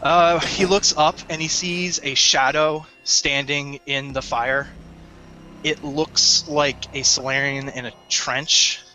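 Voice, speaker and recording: A man narrating a tabletop game as game master in a descriptive, halting way. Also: on the high side, level tone, sharp tone, soft background music.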